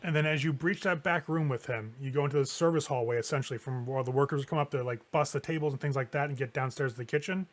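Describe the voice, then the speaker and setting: A man narrating as game master of a tabletop role-playing game, relaxed and loose with fillers. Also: medium pitch, fast, few pauses. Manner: relaxed storyteller with many fillers.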